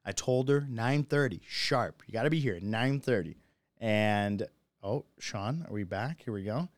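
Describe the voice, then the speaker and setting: An excitable man hosting a live-stream podcast, talking casually and laughing often. His voice is smooth and resonant, recorded close and dry. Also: on the low side, a little slow, no room sound. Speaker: podcast host. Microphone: phone or computer mic on a live stream.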